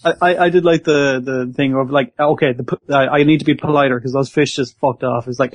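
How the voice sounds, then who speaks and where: Husky man swearing and laughing on a podcast. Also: mid-range voice, steady tone, fast, hardly any pauses, no echo. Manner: swears freely, laughs, acts out characters' lines. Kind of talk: casual anime podcast chat.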